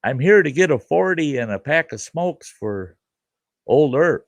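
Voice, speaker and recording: Grown man doing a cheery little kid voice, pitched way up, gravelly underneath. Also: animated, a little slow, no room sound. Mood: cheerful. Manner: cheerful, calling out greetings. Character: ten-year-old boy, eager and helpful.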